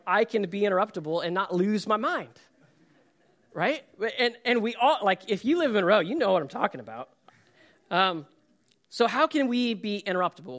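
Pastor guy telling stories in a sermon, kinda high voice, bright and lively, acts out what people say. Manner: storytelling, animated, acts out quotes with laughs.

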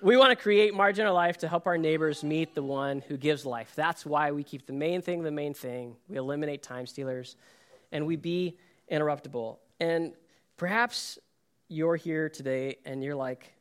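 A man's voice: on the high side, normal speed, clean tone. A middle-aged man preaching a sermon, telling stories and acting out quotes with laughter. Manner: storytelling, animated, acts out quotes with laughs. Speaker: pastor.

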